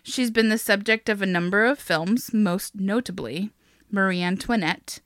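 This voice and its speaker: A woman's voice: mid-range voice, normal speed, a bit bright, no echo, studio quality. A woman co-hosting a podcast, telling a story in casual chat, laughing often and swearing freely. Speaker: podcast co-host.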